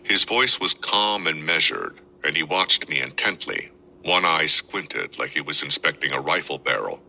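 Deep-voiced man reading a memoir. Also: moderate pace, creaky, poor audio. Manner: steady first-person storytelling with dramatic quotes. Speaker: podcast host reading a book.

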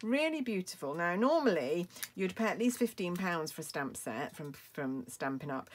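A woman's voice: on the low side, a little hiss or hum. A woman from the UK, a craft demonstrator, chatting casually and gushing about a card-making kit with many ums and restarts. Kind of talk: casual product show-and-tell.

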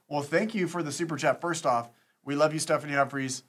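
Chatty male live-streamer, slightly high voice. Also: a little fast, a bit bright. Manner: chatty, reads out supporter names with thanks. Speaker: streamer scambaiting host. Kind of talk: casual live-stream chat.

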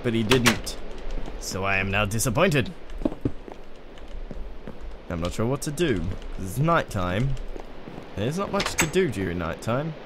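In a very noisy recording with keyboard clicks and typing behind him, a let's play host chats through a video game, rambling and talking to the mobs. He's Australian but uses a put-on British accent. His voice runs on the low side and is very animated, though a little slow, and he pauses often.

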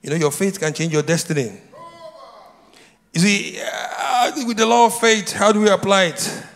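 A man's voice: sits high, normal speed, fairly bright tone. A man preaching a sermon as pastor, leading the congregation in call and response with repeated questions and answers. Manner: repetitive, prompts congregation to answer. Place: church sanctuary. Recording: long hall reverb.

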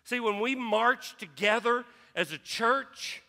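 A man with a high, bright voice delivers an impassioned sermon as a church pastor. He often restarts his phrases and repeats himself as he builds up. His voice rings out with long reverb in a big hall. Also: slow. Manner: impassioned, repeats words, quotes scripture. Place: church sanctuary.

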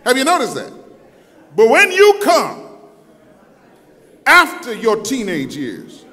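A man preaching a sermon, telling the story dramatically and acting out voices, moving between loud, intense passages and soft asides. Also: very high voice, wildly swooping pitch, slow pace, pauses often. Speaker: pastor. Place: church sanctuary. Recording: long hall reverb.

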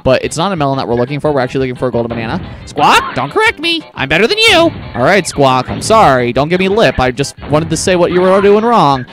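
Joking man with a lively voice. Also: medium pitch, quick pace, few pauses, faint music behind. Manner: joking, rambling, talks to the game characters. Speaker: let's play host. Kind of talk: casual gameplay commentary.

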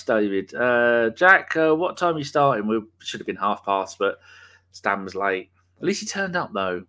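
A man's voice: on the low side, pushed and bright. Man hosting a casual football chat. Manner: banter, reads chat names aloud, swears. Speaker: podcast host. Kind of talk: casual live-stream chat.

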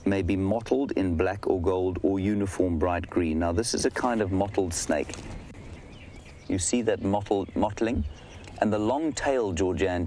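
Deep-voiced male safari guide. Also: dark tone, a little hiss or hum. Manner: chatty, explanatory, addresses viewers by name. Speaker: safari guide and live host. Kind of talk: live safari commentary answering viewers. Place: outdoors in the bush. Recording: faint outdoor ambience behind.

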